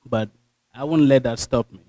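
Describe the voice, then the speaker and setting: A young man with a Nigerian accent giving an earnest, animated motivational speech to an audience, telling stories and acting out the dialogue. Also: medium pitch, normal speed, no room sound, poor audio. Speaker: speaker.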